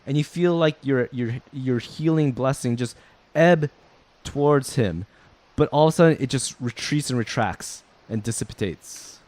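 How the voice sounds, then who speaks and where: A man's voice: mid-range voice, measured pace, dry recording. Dry-voiced man running a tabletop game. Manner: explanatory, steady storytelling with frequent ums. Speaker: game master. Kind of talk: narrating and ruling a tabletop game.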